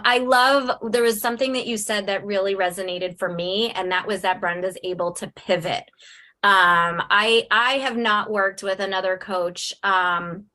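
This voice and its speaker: Bright-voiced woman hosting a group call. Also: mid-range voice. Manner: affirming, encouraging. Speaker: host. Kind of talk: moderating a group video call. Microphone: video call.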